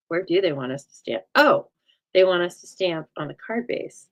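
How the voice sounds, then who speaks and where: A woman's voice: fairly low pitch, lo-fi sound. A woman hosting a live card-making stream, talking in a chatty, folksy way and answering viewer comments as she works. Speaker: craft show host.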